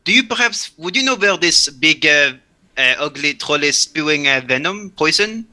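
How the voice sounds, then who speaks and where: A man's voice: on the high side, animated, sharp tone. A man playing a grung frog sorcerer who stumbles through his words and clings to formal titles. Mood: flustered. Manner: halting, full of filler words and stumbles. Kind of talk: tabletop role-play in character.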